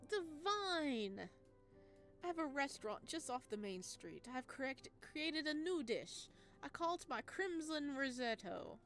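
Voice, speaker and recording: A man's voice: extremely high pitch, sing-song, unhurried, bright, forceful tone, soft background music, voice pushed up, exaggerated voice. A woman voicing a flamboyant male restaurant owner in a put-on vaguely Italian accent, grandiose and flowery. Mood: effusive.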